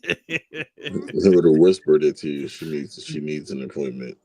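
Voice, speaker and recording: Deep gravelly guy on a podcast, dark voice, throws in jokes. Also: very animated, moderate pace. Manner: wisecracking interjections. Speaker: podcast co-host. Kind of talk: casual chat.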